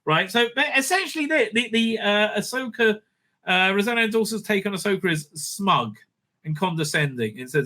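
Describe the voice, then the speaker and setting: A man's voice: sits high, lively intonation, normal speed, bright, forceful tone. A man hosting a casual spoken review, sarcastic and crude, with many hesitant fillers. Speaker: show host, reviewer.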